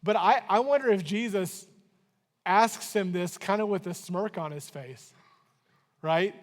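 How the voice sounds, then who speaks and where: A man preaching to his congregation with a fairly high voice and an easygoing, joking delivery. His words ring out with a long church reverb as he draws the listeners in and asks them to answer back. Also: measured pace. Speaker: pastor. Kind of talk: sermon. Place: church sanctuary.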